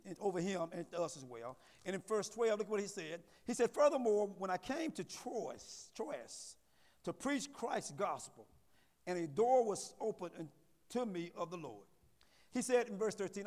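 High-voiced preacher in an echoing hall. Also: male voice. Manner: call-and-response preaching, repeats words, rising to loud emphasis. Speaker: pastor. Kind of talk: sermon. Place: church sanctuary. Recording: long reverb of a church hall.

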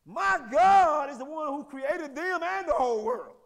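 A high-voiced man preaches a sermon, rising into shouted peaks and dropping into folksy asides. His voice rings through a church hall with a long reverb. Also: lively intonation, a little slow, creaky. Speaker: pastor. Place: church sanctuary.

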